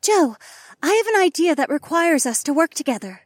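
A man's voice: extremely high pitch, very animated, a little fast, no echo, studio quality, voice pushed up. A man voicing a determined young blonde princess, speaking firmly. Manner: determined, firm. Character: fierce young woman princess, golden blonde.

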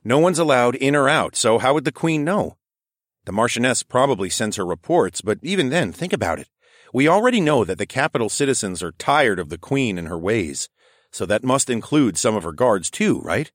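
A man narrating a first-person story in a calm, steady reading voice. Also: medium pitch, normal speed, no echo, clean studio sound. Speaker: audiobook narrator.

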